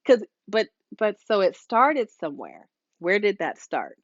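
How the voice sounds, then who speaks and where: Her medium-pitched voice is animated but measured as this woman, a hair stylist, hosts a live motivational talk. She's casual and preachy, uses many fillers and asides, and performs the voices she quotes; the recording is dry and dull.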